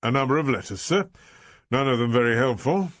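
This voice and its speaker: A man voicing a calm, deferential male police inspector who speaks formally. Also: medium pitch, fairly quick, no echo, lightly acted.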